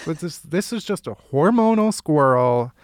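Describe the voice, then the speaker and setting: A man's voice: on the high side, expressive, normal speed, no echo, clean studio sound. A man hosting a casual comedy news roundup, sarcastic and profane, laughing often. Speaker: comedy podcast host.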